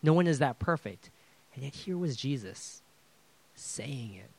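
A man preaching a casual, conversational sermon as a pastor, with joking asides, swinging between loud emphasis and hushed drops. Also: mid-range voice, expressive, measured pace, creaky.

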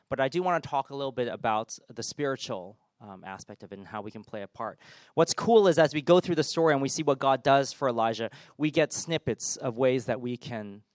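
A man's voice: mid-range voice, no room sound, studio quality. A man giving a conversational sermon as a pastor, informal with self-deprecating humor.

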